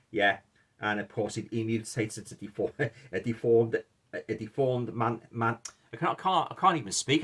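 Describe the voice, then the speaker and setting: A middle-aged man with a Liverpool accent, talking casually in a slightly low voice. He rambles, often restarting sentences and filling pauses with "uh" and "um". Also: a bit bright. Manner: rambling, many fillers and restarts. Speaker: vlogger showing film purchases. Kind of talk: casual chat.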